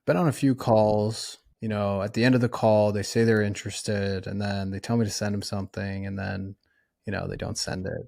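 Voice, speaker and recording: A man hosting an interview, asking casual questions in a relaxed way. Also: on the low side, moderate pace, creaky. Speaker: podcast host. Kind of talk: conversational interview.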